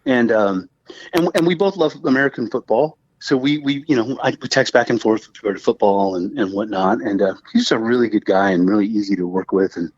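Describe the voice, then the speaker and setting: A man who is a guest musician on a podcast, telling stories in a rambling, animated casual chat full of fillers. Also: fairly low pitch, brisk, no echo, lo-fi sound.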